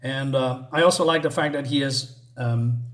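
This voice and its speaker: A man giving a casual spoken review of a comic book, halting, with many restarts and fillers. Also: medium pitch.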